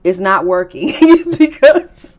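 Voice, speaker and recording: A woman hosting a casual reality TV recap, talking in lively slang, laughing often and throwing in teasing, disbelieving asides. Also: on the low side, takes it slowly. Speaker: recap show host.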